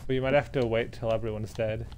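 A man's voice: mid-range voice, level tone, fast talker, darkish tone. A man hosting a gaming video, talking through the game with lots of startled exclamations. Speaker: gaming channel host. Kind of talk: casual gameplay commentary.

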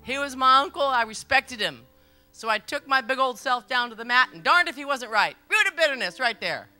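A middle-aged woman preaches at a church service in a high, forceful voice. She tells stories with emphasis, repeats her key lines and laughs along with the crowd. Soft music plays faintly behind her. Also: lively intonation, fairly quick. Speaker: pastor. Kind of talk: sermon.

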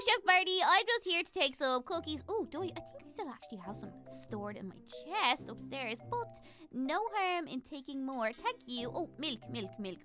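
A woman voicing a young girl in a game role-play who frets and hesitates as she talks to the viewers. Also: high voice. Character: young girl, anxious before getting braces. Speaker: Minecraft role-play character. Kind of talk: role-play vlog narration.

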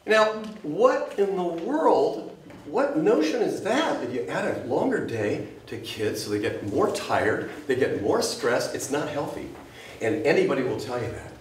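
Impassioned teacher scolding a school board. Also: female voice, low-pitched, big pitch swings, unhurried, a little hiss or hum. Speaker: public commenter, teacher. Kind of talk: public comment at a school board meeting. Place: board meeting room. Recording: echoey room, distant mic.

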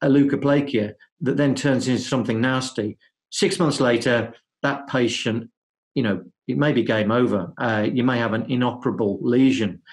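A man, a dentist, talking through his ideas in a podcast interview, with many fillers, restarts and hesitant pauses. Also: mid-range voice. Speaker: guest dentist.

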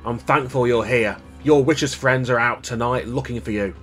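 A man's voice: mid-range voice, moderate pace, fairly bright tone, soft background music, close to an everyday voice. A man voicing a protective grown man in a storybook reading, firm and kindly.

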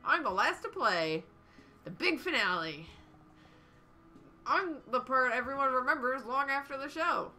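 A woman's voice: sits high, sing-song, moderate pace, long pauses, sharp tone, faint music behind, exaggerated voice. A woman voicing a boastful, self-important band musician in a video game.

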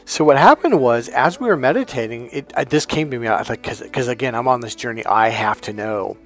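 A man casually telling personal stories to camera, animated and rambling, laughing as he goes. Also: mid-range voice, fairly quick. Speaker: spiritual coach and video host. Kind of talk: casual storytelling monologue.

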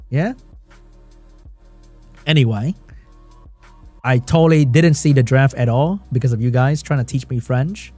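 A man giving live esports commentary on a stream, reacting excitedly, laughing often and chatting with his viewers. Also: mid-range voice, measured pace, long pauses, breathy edge, soft background music. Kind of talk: live game commentary while reading chat.

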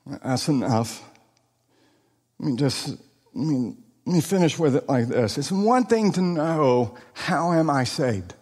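A man's voice: fairly high pitch, animated, measured pace, a little mellow. A man delivering a sermon in an earnest, emphatic way, recorded in a hall. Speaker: preacher. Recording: long hall reverb.

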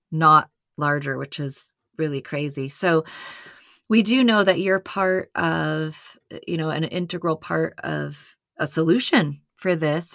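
A woman hosting a parenting podcast, asking her guest questions in a measured, steady way. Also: sits low, vocal fry, dry recording, studio quality. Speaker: podcast host. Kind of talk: casual interview chat.

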